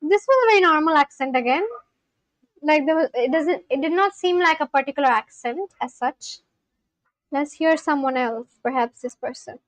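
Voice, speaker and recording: A woman talks through a casual live stream from her home. Her voice sits high and bright, recorded dry and close, and she keeps up a running, chatty commentary as she reacts to clips and messages from viewers. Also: moderate pace, no echo, rough recording. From India. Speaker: language-learning livestreamer.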